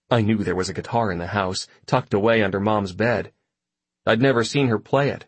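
Husky guy reading a story in first person, dry close mic. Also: on the low side, fairly quick, dry recording. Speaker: audiobook narrator. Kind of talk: first-person audiobook narration.

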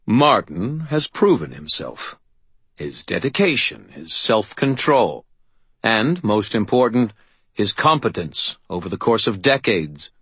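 A man's voice: on the low side, sing-song, a little slow, a bit bright, husky, no echo, voice pushed up, heavily acted. A man voicing an imperious, commanding male vampire king.

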